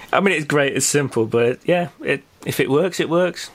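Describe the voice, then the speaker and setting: A man's voice: a little high, measured pace, fairly bright tone. A man co-hosting a local podcast, chatting casually and running through the news, rambling with lots of fillers and restarts. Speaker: podcast co-host. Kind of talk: casual chat and news rundown.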